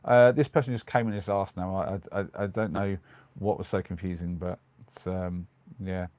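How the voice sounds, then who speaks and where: A man's voice: low voice, steady tone, moderate pace, darkish tone, no echo. A middle-aged man with a British accent, chatting casually on a live stream, rambling with lots of ums and restarts. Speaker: live streamer in his van. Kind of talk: casual live-stream chat reading comments. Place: small converted van at night.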